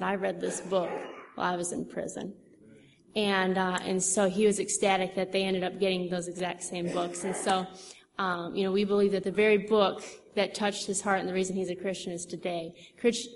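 A woman's voice: on the low side, creaky. A young woman telling a church audience about her witnessing, chatty and rambling with many fillers and restarts. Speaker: church speaker. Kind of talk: testimony talk. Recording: long hall reverb, faint noise.

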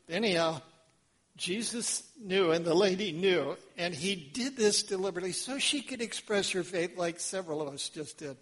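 A male pastor preaching a sermon, telling a story in an animated way, acting out voices and quizzing the congregation. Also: high voice, moderate pace, breathy edge.

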